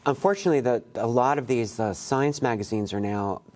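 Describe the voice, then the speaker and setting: A male poet with a mid-range, darkish voice talks a little fast while leading a classroom workshop for college students. He digresses constantly with asides and restarts, speaking bluntly and cursing without hesitation.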